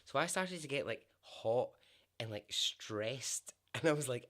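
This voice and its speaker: A Scottish man spinning a yarn for his podcast in a relaxed, chatty way. His voice sits at an ordinary pitch, and he laughs easily and slips in the odd swear word. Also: unhurried. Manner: animated, laughs often, swears. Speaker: podcast host and storyteller. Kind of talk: casual spoken storytelling.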